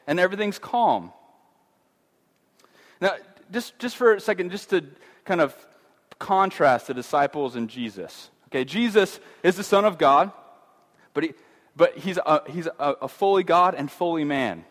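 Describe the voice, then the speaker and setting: A man's voice: animated, moderate pace, pauses often. A middle-aged man giving a casual Bible teaching, chatty, with frequent fillers and restarts. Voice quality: conversational, many fillers and restarts. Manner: acts out voices of fear with rising pitch. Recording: long hall reverb.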